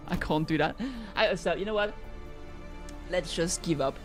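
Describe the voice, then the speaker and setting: A woman's voice: on the low side, normal speed, pauses often, faint music behind. A woman streamer making playful, wry asides while reading through a game. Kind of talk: casual playthrough commentary.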